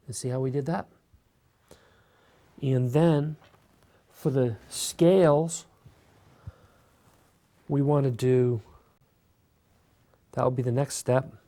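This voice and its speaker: A man hosting a beginner clay sculpting tutorial, talking relaxed and casual while he works. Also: mid-range voice, slow pace, pauses often. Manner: relaxed, talks while working, many fillers. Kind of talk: step-by-step craft tutorial.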